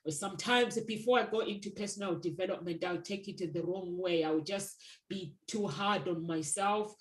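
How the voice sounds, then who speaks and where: A woman's voice: fairly low pitch, normal speed, echoey room, rough recording. A woman who works as a matchmaker, talking earnestly and reflectively in a casual conversation, sharing personal stories.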